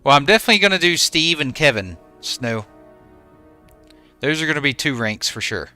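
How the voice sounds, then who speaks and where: A man's voice: a little high, big pitch swings, normal speed, sharp tone, faint music behind. A man in his forties, a game streamer chatting casually with his viewers and answering them by name.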